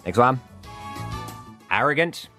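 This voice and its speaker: A man's voice: mid-range voice, animated, slow pace, over loud music. A man hosting a radio show, joking around and reading out clues for a quiz game. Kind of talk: casual radio banter.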